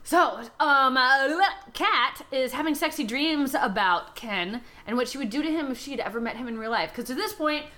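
A woman co-hosting a podcast in casual, expressive chat, exclaiming and swearing freely. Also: sits high, moderate pace, few pauses. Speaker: podcast co-host.

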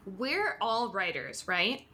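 A woman co-hosting a podcast in casual chat, animated and laughing often. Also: mid-range voice, slow pace, slight background noise. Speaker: podcast co-host.

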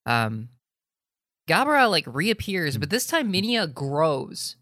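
A woman's voice: low voice, very animated, slow pace, a bit bright, no room sound, studio quality. Easygoing woman recapping a plot. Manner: easygoing, filler-heavy retelling. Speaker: podcast co-host.

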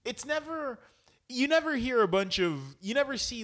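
A young man co-hosting a podcast, ranting about politics in a profane, mocking way and slipping into quick impressions. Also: very high-pitched, very animated, fairly bright tone. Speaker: podcast co-host. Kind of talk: casual political rant.

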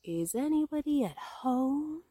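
A woman's voice: fairly high pitch, very animated, unhurried, dark tone, no echo, pitched above the performer's own voice, heavily acted. A woman voicing a friendly, hungry, simple-minded male bear in a storybook reading, earnest and polite. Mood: eager.

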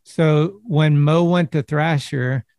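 A man's voice: on the high side, steady tone, takes it slowly, a little mellow, no room sound, clean studio sound. A man interviewing a guest, reacting briefly and asking eager clarifying questions. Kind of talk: casual interview.

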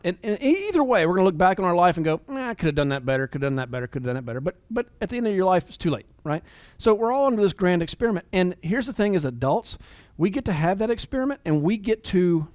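A man in his forties giving an earnest, emotional motivational talk, at times dropping to a soft near-whisper. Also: sits high, dry recording. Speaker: business leader and motivational speaker.

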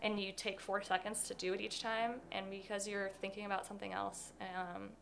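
A woman's voice: mid-range voice, little pitch movement, brisk, vocal fry, fairly bright tone, slight background noise. A young woman telling a personal story in an interview, candid and rambling, full of fillers.

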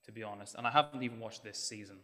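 A man's voice: fairly low pitch, rapid-fire, sharp tone. A young man from Malta, a podcast guest, chatting casually with dry, rambling, self-deprecating humor. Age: young adult.

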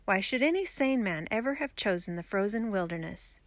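A woman voicing an irritable, wealthy male traveler who speaks in a sharp, edged, scornful way. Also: mid-range voice, lively intonation, brisk, dry recording, natural voice. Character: contemptuous rich eastern traveler, irritable man.

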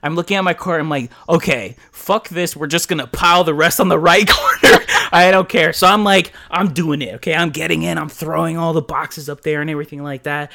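A man's voice: a little high, steady tone, brisk, vocal fry, hardly any pauses, sharp tone. A man co-hosting a podcast, telling a story in a casual, profane way and acting out his own reactions. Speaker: podcast co-host.

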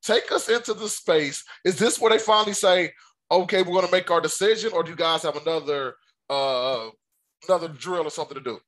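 High-voiced man hosting a casual interview. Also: brisk. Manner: relaxed, slangy questioning. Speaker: podcast host.

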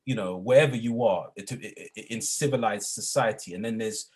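A man, a guest in an interview, speaking reflectively and growing animated as he retells his own experiences. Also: on the low side, moderate pace, husky. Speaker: guest, educator and former youth worker. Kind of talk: storytelling in a conversational interview.

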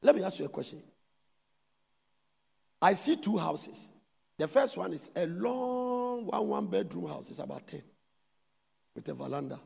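A man preaches with great emphasis, his voice very husky and gravelly as he swings between shouts and quieter asides. His speech ranges widely and sits high for a man. The sound rings with a long reverb, as in a large church hall. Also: big pitch swings, unhurried, long pauses. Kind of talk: sermon.

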